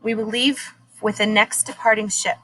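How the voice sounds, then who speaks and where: A woman teacher reads a chapter book aloud to her class. Her reading is measured and unhurried, with now and then a small slip. Her voice sits at a middling pitch. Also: fairly even intonation, bright, forceful tone, a little hiss or hum, poor audio.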